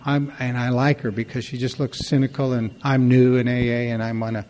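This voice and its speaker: A man's voice: medium pitch, flat delivery, brisk, darkish tone, big-room sound, a little hiss or hum. A man giving a storytelling talk at a recovery meeting, conversational and wry, acting out the dialogue in his stories.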